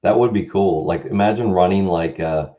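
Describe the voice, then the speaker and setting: A man's voice: low-pitched, normal speed, dark tone, muffled recording. A man co-hosting a casual livestream chat, rambling and easygoing.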